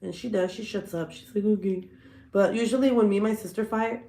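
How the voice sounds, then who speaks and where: A woman's voice: mid-range voice, quick pace, dark tone, roomy sound. A woman hosting a casual hangout video, joking and swearing as she rambles, with a cold. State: sick with a cold, coughing. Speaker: vlogger hosting a hangout livestream. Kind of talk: casual chat.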